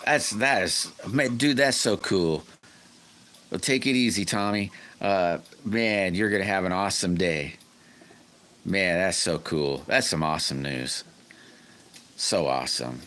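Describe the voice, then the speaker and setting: A man's voice: low-pitched, a little slow, a bit bright. A man hosting a casual livestream, greeting viewers by name and rambling through his workshop troubles. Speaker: livestream host. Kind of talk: casual live-stream chat.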